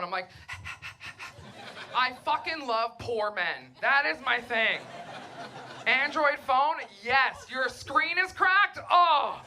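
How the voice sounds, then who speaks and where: A young woman performing a crude, brash stand-up set on a comedy club stage, with deadpan delivery, mocking voices and audience laughter behind her. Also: fairly high pitch, slight background noise.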